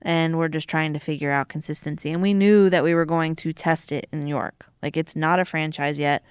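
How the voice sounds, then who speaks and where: Low-voiced woman chatting animatedly. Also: brisk, smooth, dry recording, clean studio sound. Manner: animated storytelling, acts out quotes loudly. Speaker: podcast host. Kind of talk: casual chat.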